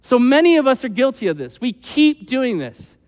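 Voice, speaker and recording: A man preaching a sermon as pastor, conversational and animated, acting out quoted voices with frequent asides. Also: very high voice, moderate pace, big-room sound.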